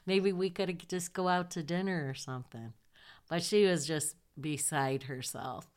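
Smooth-voiced woman from Michigan telling a story. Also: low-pitched, measured pace. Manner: animated, acts out past dialogue with laughs. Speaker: Navy veteran telling her story. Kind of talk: personal storytelling.

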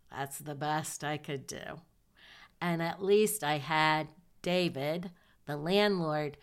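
A woman's voice: deep voice, smooth. An older woman from Michigan recounting her time in the Navy, acting out past conversations with laughter. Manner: animated, acts out past dialogue with laughs. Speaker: Navy veteran telling her story. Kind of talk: personal storytelling.

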